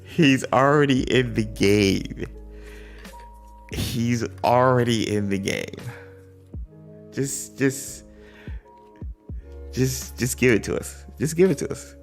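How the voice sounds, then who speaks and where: A man's voice: mid-range voice, slow pace, pauses often, faint music behind. A young man hosting a casual livestream, greeting chat viewers and pleading with exasperated sighs and laughs. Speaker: livestream host. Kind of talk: casual live-stream chat.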